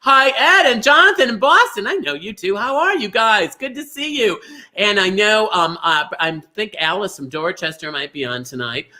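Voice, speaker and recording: A man's voice: high-pitched, lively intonation, normal speed, sharp tone. A man from Minnesota hosting a livestream bingo show, chatty and gushing as he greets viewers by name.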